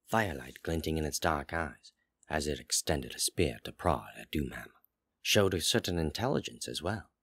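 Very deep-voiced man narrating a story. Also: no room sound, clean studio sound. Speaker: story reader. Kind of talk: audiobook narration.

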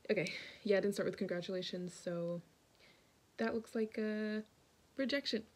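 A woman's voice: medium pitch, fairly even intonation, moderate pace. A young woman from North Carolina talking casually in a vlog, chatty and full of "like" fillers. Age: young adult. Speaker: vlogger.

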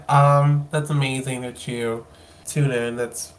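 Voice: medium pitch, little pitch movement, slow. A podcast host interviewing a guest over a call, playful and effusive, cracking jokes and gushing.

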